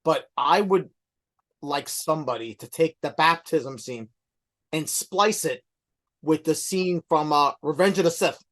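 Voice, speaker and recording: A man's voice: fairly high pitch, a little slow, a bit bright. Hesitant middle-aged man, casual. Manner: hesitant, many ums and restarts. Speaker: podcast co-host. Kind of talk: casual chat.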